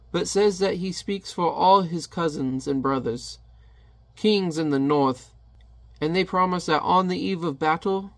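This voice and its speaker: A man's voice: on the high side, dry recording. A man voicing a timid little goblin-like messenger who stammers when frightened.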